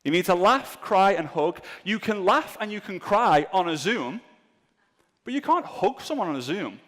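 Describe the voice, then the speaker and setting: Male seminar speaker, jokey and self-mocking, animated delivery, reverberant venue. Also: high voice, moderate pace. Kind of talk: comedic live seminar talk. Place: event room with a live audience.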